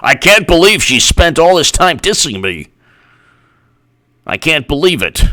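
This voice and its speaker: A man's voice: fairly high pitch, big pitch swings, unhurried, pushed and bright, no echo, clean studio sound, exaggerated voice. A man putting on a mock impression of an aggrieved male senator, indignant and sarcastic.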